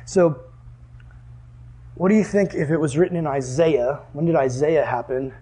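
Young male Bible teacher, high voice, lively and questioning, classroom lesson. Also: moderate pace, slightly rough. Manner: animated, asks the class questions.

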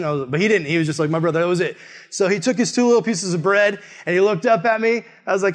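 Speaking very fast, a young missionary man preaches a sermon built around a personal story. His delivery is animated and casual, sprinkled with "like," and his voice often leaps high and loud when he quotes his own outbursts.

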